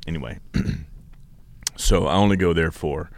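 A man's voice: low voice, slow. A man, co-hosting a casual podcast and rambling through easygoing stories. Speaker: podcast co-host. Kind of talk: casual chat.

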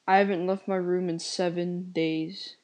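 A woman giving a mock-serious comedic confession, overly dramatic in deadpan despair. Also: lowish voice, measured pace.

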